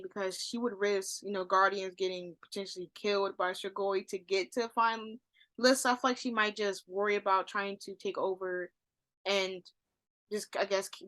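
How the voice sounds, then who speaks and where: A woman co-hosting a casual TV review podcast, excitable, with sudden loud outbursts and lots of fillers. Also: medium pitch, normal speed. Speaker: podcast co-host. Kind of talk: casual chat reviewing a TV show.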